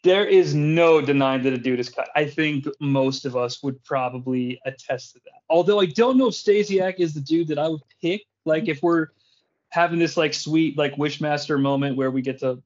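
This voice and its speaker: A man hosts a podcast in loose, casual chat, rambling from tangent to tangent and swearing freely. His voice sits a little high. The recording sounds dull and lo-fi. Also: normal speed, darkish tone. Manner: rambling, profane, laughs often. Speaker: podcast host.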